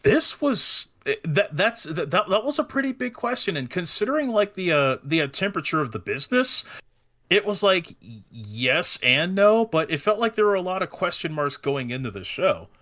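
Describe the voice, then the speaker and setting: Bright, lively-voiced stammering man. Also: sits high, normal speed. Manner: stammering, repeats words, excitable. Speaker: podcast host. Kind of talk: casual chat.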